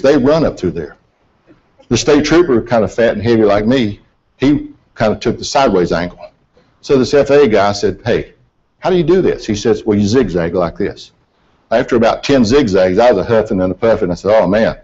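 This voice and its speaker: A man's voice: fairly low pitch, a little mellow. A middle-aged man, an accident investigator giving a presentation and telling a folksy, self-deprecating story. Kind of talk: presentation to an audience. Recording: dull lo-fi hall recording.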